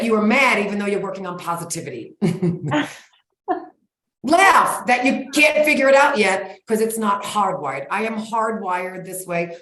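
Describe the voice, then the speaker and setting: A woman in her forties talking as a guest expert in a casual interview, in a blunt, folksy and energetic way. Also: medium pitch, normal speed. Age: 40s. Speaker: guest expert on sugar cravings. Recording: roomy echo.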